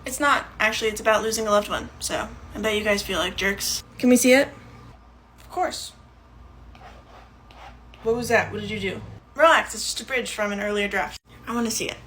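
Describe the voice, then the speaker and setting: A woman's voice: medium pitch, brisk, long pauses, a bit bright, slight background noise. A young woman performing short comedy sketches, playing every part herself with a dry, matter-of-fact delivery.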